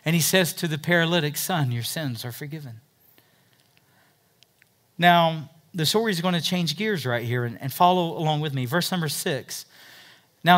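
Bright-voiced man preaching a sermon. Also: on the high side. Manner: preaching with swings from loud emphasis to hushed asides. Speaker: pastor.

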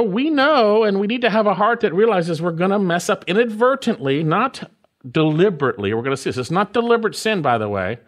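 In this verse-by-verse expository sermon, a male pastor with a high, slightly bright voice hammers home key phrases by repeating them. His emphatic delivery swells and dips throughout.

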